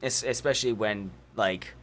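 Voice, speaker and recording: A man hosting a casual podcast chat, talking in animated, rambling opinions and swearing freely. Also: lowish voice, normal speed, over a noisy crowd. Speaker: podcast host.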